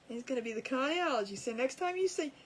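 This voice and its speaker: A woman's voice: high voice, breathy edge, rough recording. A woman chatting casually to viewers while she crafts, laughing often at her own jokes. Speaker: crafting livestream host. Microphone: camera over a crafting table.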